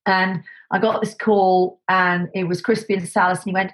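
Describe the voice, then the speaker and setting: A woman telling lively anecdotes as an interview guest, acting out other people's voices with lots of fillers and restarts. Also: medium pitch, normal speed, rough recording. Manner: animated, acts out quoted voices, many fillers and restarts. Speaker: guest, set decorator. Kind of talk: casual anecdotal storytelling.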